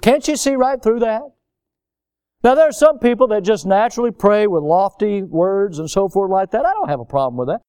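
A male preacher delivers his sermon in a high, bright voice. He swings from loud, emphatic exclamations down to low, quiet remarks. The sound is dry and close, with no room echo. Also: lively intonation, a little fast, clean tone. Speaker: pastor.

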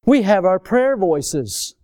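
High-voiced preacher, animated. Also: male voice, slow pace, no room sound, studio quality. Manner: animated, swings from loud high exclamations to low quiet remarks. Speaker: pastor. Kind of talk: sermon.

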